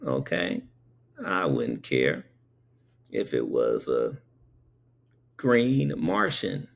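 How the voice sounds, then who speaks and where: Gravelly, slow-talking male storyteller. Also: sits low, wildly swooping pitch. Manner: emphatic, punctuated with rhetorical "okay?". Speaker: paramedic. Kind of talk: spoken anecdote.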